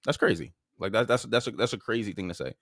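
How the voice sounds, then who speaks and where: Fast-talking low-voiced man, blunt and casual. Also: a bit bright, no room sound, studio quality. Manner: blunt and informal, swears casually, restarts phrases. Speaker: podcast host. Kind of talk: casual commentary on played clips.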